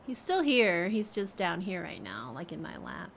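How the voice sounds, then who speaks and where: A woman's voice: fairly low pitch, wildly swooping pitch, normal speed, gravelly, few pauses, slight background noise. A woman streamer chatting casually with her viewers and cooing at her cat. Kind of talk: casual live-stream chat.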